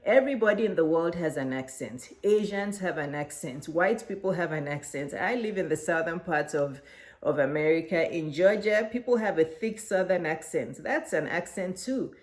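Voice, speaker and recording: A middle-aged woman with a Nigerian accent coaches her viewers directly to camera. Her voice sits on the low side, and she speaks in an encouraging, hands-on way. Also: animated, normal speed. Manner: warm, encouraging, gestures while talking. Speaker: business coach.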